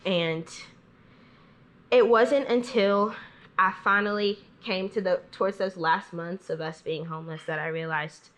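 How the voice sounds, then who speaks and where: A young woman gives her church testimony in an earnest, conversational voice. She talks casually with frequent "um"s and "I was like"s and acts out other people's lines as she goes. Her voice sits in an ordinary middle pitch. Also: fairly even intonation, unhurried, fairly bright tone. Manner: earnest storytelling, re-enacting others' words in quotes. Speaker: testimony speaker. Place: church fellowship meeting.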